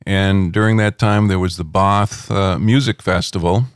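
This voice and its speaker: Man, middle-aged, rambling interview anecdotes, lowish voice, dry room. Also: steady tone, moderate pace, smooth, no room sound. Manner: rambling anecdotal, many fillers. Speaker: rock critic guest. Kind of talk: relaxed interview storytelling. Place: home.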